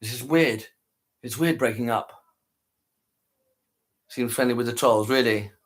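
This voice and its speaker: A man's voice: mid-range voice, unhurried. A tired man chatting casually to his viewers after a live stream, rambling, repeating himself and trailing off. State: tired, worn out.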